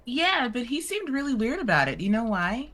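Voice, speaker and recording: A woman playing a tabletop role-playing game, reacting quickly with jokes. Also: fairly high pitch, big pitch swings, fairly bright tone. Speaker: player. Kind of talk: casual tabletop game play.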